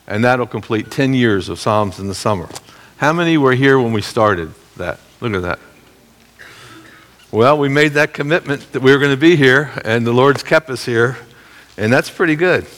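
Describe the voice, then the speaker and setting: A middle-aged man leads a Bible lesson, talking his listeners through the verses step by step. His delivery is measured and explanatory, with an ordinary mid-range voice. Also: mid-range voice, expressive, a bit bright. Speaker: Bible teacher.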